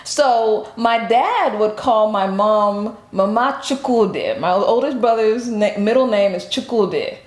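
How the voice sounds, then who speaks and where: A young woman from a Nigerian family raised in America, hosting a casual chat with lively, teasing banter. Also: mid-range voice, slow, hardly any pauses. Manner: animated, laughing, teasing banter. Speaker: host. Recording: echoey room.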